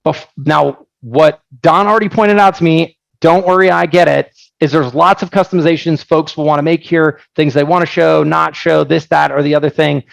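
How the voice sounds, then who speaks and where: A man presenting his software on a live webinar, energetic and joking, telling stories with lots of asides. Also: fairly high pitch, normal speed, gravelly, no room sound, rough recording. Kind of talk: casual live product presentation.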